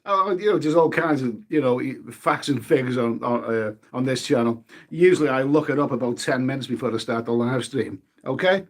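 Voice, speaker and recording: Medium in pitch and a little fast, this man chats casually on a live stream while eating. He swears mildly and reads out what viewers comment, including their names.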